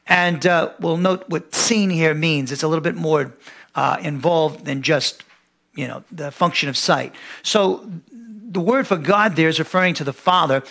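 A middle-aged male pastor teaching a Bible lesson verse by verse. He reads scripture, then explains Greek words in a measured way, often pausing with fillers and restarting his sentences. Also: on the high side, sharp tone.

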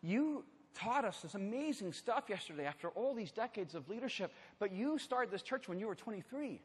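High, bright-voiced preacher in a hall. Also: male voice, normal speed, hardly any pauses, breathy edge. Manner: animated, swings from loud bursts to hushed intensity. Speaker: conference speaker. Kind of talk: storytelling sermon. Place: church auditorium. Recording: large hall with long reverb, faint ambience.

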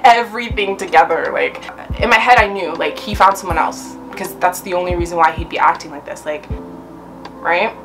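Young woman vlogger for a rambling story time, loose and profane, low-pitched voice with music playing behind. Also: fairly quick. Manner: chatty, swearing, many fillers. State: a little high.

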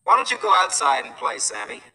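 A man's voice: sits high, very animated, brisk, bright, forceful tone, slight background noise, voice pushed up, full character voice. A man voicing a stern mother who sharply scolds her little boy. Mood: gentle. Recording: voice from far off the mic.

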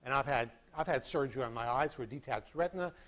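A man giving a university physics lecture in a hall, animated and demonstrating with sound effects. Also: mid-range voice, fast talker. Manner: animated, acts out beeping sounds and demonstrates with props. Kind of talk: classroom lecture.

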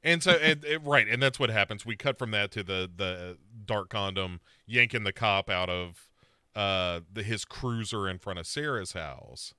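Animated man with a bright voice. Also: lowish voice, moderate pace, clear, resonant tone, no echo, clean studio sound. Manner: animated storyteller, acts out characters' lines. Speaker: podcast co-host. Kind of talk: casual chat recapping a horror series.

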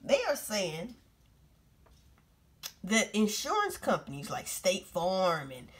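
A woman's voice: medium pitch, sing-song, slow pace, husky. A woman vlogger commenting on news clips in a blunt, profane, casual way, talking straight to her viewers.

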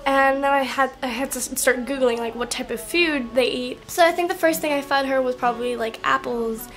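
A woman's voice: high voice, fairly even intonation, a little fast, fairly bright tone. A young woman vlogger telling a story to her camera in a casual, rambling way, full of fillers and swearing.

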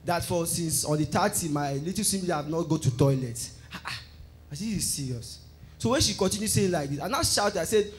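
Excited man giving a testimony. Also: a little high, a little fast. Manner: excited, tells the story by acting out dialogue. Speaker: church member giving testimony. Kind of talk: animated personal testimony. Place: church service.

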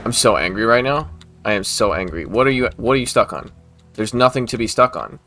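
A man's voice: fairly low pitch, expressive, brisk, sharp tone. A man casually commentating his own gameplay, talking to the game and breaking into exasperated outbursts. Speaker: gaming video host.

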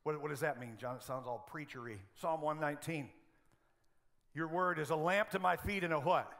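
A middle-aged pastor preaching in a church, his voice high, gravelly and bright. He keeps the sermon lively with humorous stories and animated delivery. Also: normal speed.

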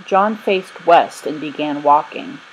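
A woman narrating a children's storybook in a gentle, steady reading voice. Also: deep voice, takes it slowly, slight background noise, low-quality recording. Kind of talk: storybook read-aloud.

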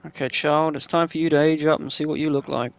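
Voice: mid-range voice, flat delivery, fast talker, a little hiss or hum. A gameplayer chatting casually over a life-sim game, swearing freely and talking to the game characters.

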